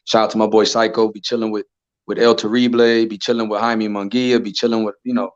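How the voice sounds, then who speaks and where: Man co-host, relaxed slang-heavy banter, slightly muffled call audio. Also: lowish voice, a little fast, no room sound. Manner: loose slangy banter, jokey impressions. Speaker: boxing show co-host. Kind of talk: casual chat.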